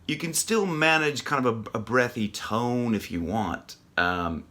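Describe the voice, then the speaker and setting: Male vocal coach, very bright and lively voice, loose rambling delivery, breaks into belted rock lines. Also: mid-range voice, unhurried. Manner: chatty, loose and rambling, with many ums and restarts; demonstrates by singing loud rock lines. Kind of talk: casual singing lesson to camera.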